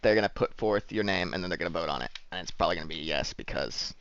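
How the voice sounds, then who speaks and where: A man's voice: low voice, lively intonation, fast talker, creaky, fairly bright tone. A man running a tabletop role-playing game as dungeon master, talking casually with many fillers and joking swears. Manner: rambling, filler-heavy, swears when joking. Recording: dull lo-fi dry sound.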